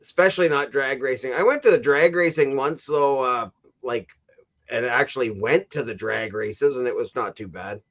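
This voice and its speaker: A man's voice: medium pitch, normal speed, a bit bright. Canadian guy rambling on a stream, lots of uh and like, bit muffled. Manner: rambling storyteller, many fillers and restarts, laughs at own stories. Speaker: livestream host. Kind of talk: casual chat.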